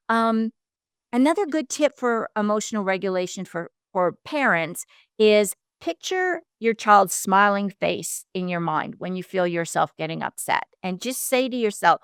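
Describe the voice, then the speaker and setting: A woman divorce coach giving calm, explanatory advice as a podcast guest. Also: fairly high pitch, no room sound, studio quality. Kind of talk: podcast interview.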